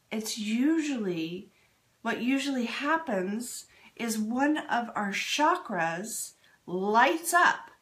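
A woman giving a casual, candid talk on spirituality, animated and quick to laugh at herself. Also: high-pitched. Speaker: spiritual speaker.

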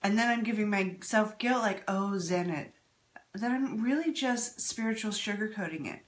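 A woman giving a casual, candid talk on spirituality, animated and quick to laugh at herself. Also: fairly high pitch. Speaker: spiritual speaker.

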